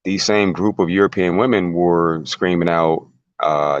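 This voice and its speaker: A man's voice: deep voice, a little slow, clean tone, no room sound, dull audio. A man talking as an interview guest, emphatic and casual, repeating words and firing rhetorical questions. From United States.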